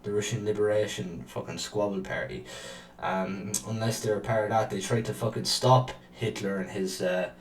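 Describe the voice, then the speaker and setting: A man's voice: fairly low pitch, fairly even intonation, moderate pace, few pauses, roomy sound, distant mic, slight background noise, low-quality recording. A man hosting a reaction video, ranting angrily with lots of swearing and filler words. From Ireland. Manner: angry, sweary, rambling with many fillers. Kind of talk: profane ranting commentary.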